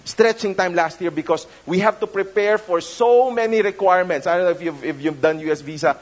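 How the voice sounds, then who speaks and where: Preaching in a conversational style, a middle-aged Filipino-accented pastor keeps restarting and dropping in Tagalog phrases. His voice sits high and moves fairly quickly, captured on a rough recording.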